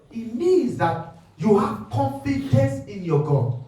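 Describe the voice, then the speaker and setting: A man preaching a sermon as pastor, moving from quiet talk to fervent shouting. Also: very high-pitched, sing-song, takes it slowly, slight background noise. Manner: impassioned, swings from quiet to shouting. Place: church hall. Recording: echoey hall, mic far off, faint music.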